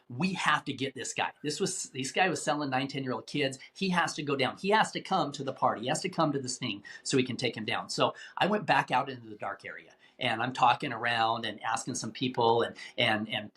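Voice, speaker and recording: A middle-aged man, a podcast guest, recounting a tense rescue mission in vivid, animated storytelling with acted-out quotes. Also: medium pitch. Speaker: guest, anti-trafficking rescuer. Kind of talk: dramatic storytelling in a podcast interview.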